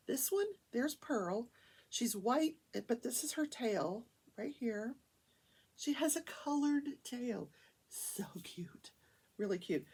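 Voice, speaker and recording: A woman hosts a casual crafting show from her small home studio. Her voice is husky, and her pitch rises and falls in lively swoops. She rambles from one topic to the next in a chatty, animated way. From Wichita, Kansas, USA. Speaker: host of a daily crafting talk show. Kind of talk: casual chat while crafting.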